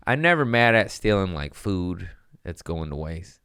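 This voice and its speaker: A man's voice: low voice, measured pace, clear, resonant tone, dry recording, clean studio sound. A man hosting a comedy podcast, ranting profanely and acting out voices in a casual comedic style. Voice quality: profane, animated, acts out voices.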